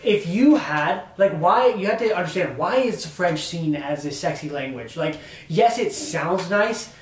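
A man's voice: high-pitched, expressive, unhurried. Earnest young man, roomy distant sound. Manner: earnest, building arguments with many fillers. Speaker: discussion co-host. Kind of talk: casual discussion on camera.

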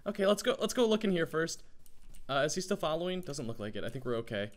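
A man with a groggy morning voice, chatting in a rambling, excitable way as he gives let's play commentary. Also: fairly high pitch, fast talker. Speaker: gaming YouTuber.

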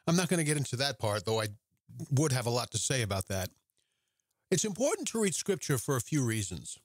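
A man's voice: mid-range voice, very animated, a little fast, dry recording. A man hosting his own religious podcast, talking earnestly and conversationally, posing rhetorical questions to listeners. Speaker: podcast host. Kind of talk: solo religious podcast talk.

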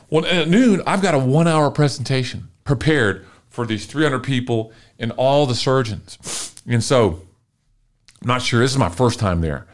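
A middle-aged man from Texas, a marketing consultant guest telling an animated, emotional story and acting out dialogue in a podcast interview. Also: medium pitch. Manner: lively, emotional storyteller, often acts out dialogue.

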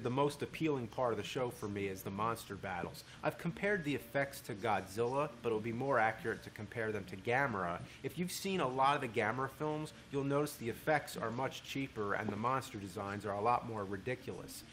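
A man giving a casual, animated spoken review of a TV show, swearing freely as he talks. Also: medium pitch, brisk, hardly any pauses, a little hiss or hum.

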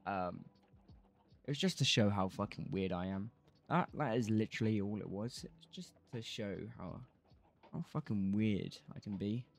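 A man's voice: on the low side, expressive, moderate pace. A man streaming a game, rambling casually, swearing and humming bits of songs. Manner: rambling, sings snatches of songs, swears freely. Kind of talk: casual gameplay commentary.

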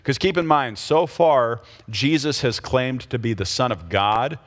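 Man leading a relaxed Bible study. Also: mid-range voice, measured pace. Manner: explains patiently, checks in with frequent "okay?" and "right?". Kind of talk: conversational Bible teaching.

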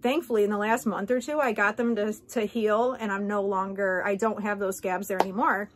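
A woman's voice: mid-range voice, steady tone, fairly quick, noisy background. Chatty woman vlogging to camera. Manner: chatty, candid and rambling, with many asides. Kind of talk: casual chat to camera.

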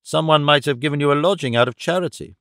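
A man's voice: on the high side, fast talker, a bit bright, no echo, studio quality. A man reading a kindly old woman. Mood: urging.

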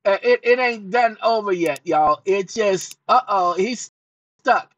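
This is a cranky, childish character with a high, bright voice, which a man puts on as his alter ego. He stammers, repeats himself and keeps bickering with someone off-mic. The sound is dry and close. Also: measured pace, no room sound. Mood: excited. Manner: excitable, stammering, talks back to an unseen helper. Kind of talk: comic put-on voice on a video channel.

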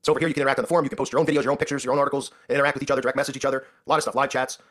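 Male commentary host, husky, very fast, indignant sarcastic rant. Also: mid-range voice, flat delivery, fairly bright tone. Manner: indignant, sarcastic, repeats "right?". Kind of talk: ranting commentary.

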